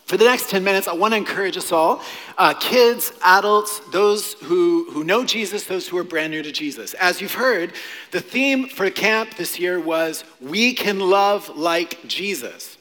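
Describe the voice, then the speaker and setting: A man in his forties, a pastor preaching a playful, animated sermon to a church congregation. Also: sits high, normal speed. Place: church sanctuary. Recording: long hall reverb.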